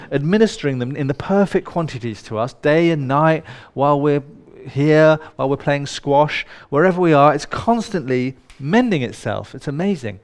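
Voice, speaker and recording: Playful, irreverent male workshop leader. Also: fairly high pitch. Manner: playful, irreverent, swears casually. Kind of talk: live workshop talk to an audience. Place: indoor workshop room with a live audience.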